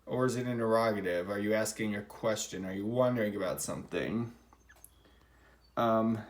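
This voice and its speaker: A man's voice: medium pitch, vocal fry. A man teaching a recorded reading lesson for children, patiently explaining and acting out example sentences.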